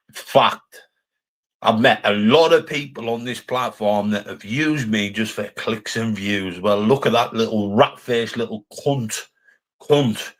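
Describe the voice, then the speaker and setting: Foul-mouthed Cumbrian man ranting. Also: lowish voice. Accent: Cumbrian English. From Cumbria, England. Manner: angry, profane, insulting; mocking, jeering. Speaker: streamer. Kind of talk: live stream rant.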